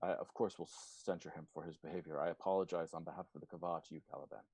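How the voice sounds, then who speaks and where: A man's voice: low voice, level tone, rapid-fire, a little mellow, husky, no room sound, voice pushed down. A man voicing a stern, proud warrior leader. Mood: grave. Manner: firm, scolding, formal. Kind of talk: tabletop game role-play.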